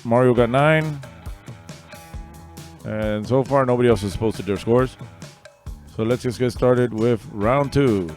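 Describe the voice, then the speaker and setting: A man's voice: mid-range voice, takes it slowly, long pauses, darkish tone, faint music behind. A man casually hosting a livestream trivia game, reading answers and making rambling offhand asides. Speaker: trivia host.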